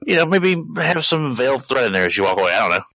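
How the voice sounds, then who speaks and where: Male player, mid pitch, bright tone, dry sound; loose, rambling planner. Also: sing-song, fast, no room sound, poor audio. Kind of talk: tabletop role-play chat.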